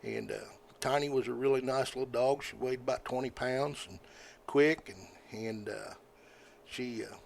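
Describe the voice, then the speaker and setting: Older man, folksy rambling storyteller, halting, mid-pitched voice. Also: big pitch swings, gravelly, slight background noise. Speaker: podcast guest. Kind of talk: casual storytelling.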